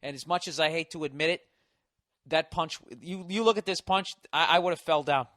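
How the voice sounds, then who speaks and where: Male streamer, slightly high voice, dry close sound, crude animated rant. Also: brisk, dry recording. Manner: animated, crude and swearing, repeats words. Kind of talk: casual profane rant.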